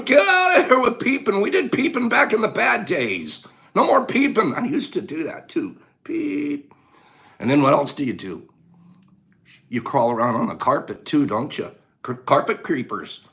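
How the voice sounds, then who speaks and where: A man's voice: on the high side, moderate pace. A man hosting a casual live stream with a scratchy voice, greeting viewers, joking and breaking into laughter. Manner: animated, bursts of laughter and loud exclamations.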